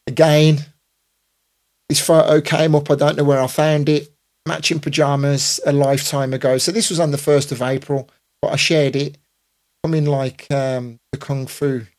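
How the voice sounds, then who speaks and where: A man in his fifties, a DJ hosting a casual live stream, rambling with lots of fillers and restarts. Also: medium pitch. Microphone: computer or phone mic on a live stream.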